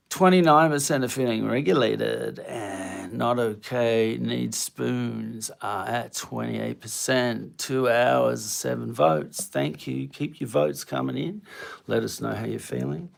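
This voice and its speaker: Rambling gravelly man streaming. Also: medium pitch, slow. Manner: rambling, self-interrupting, playful. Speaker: livestream host. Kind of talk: casual live stream chat.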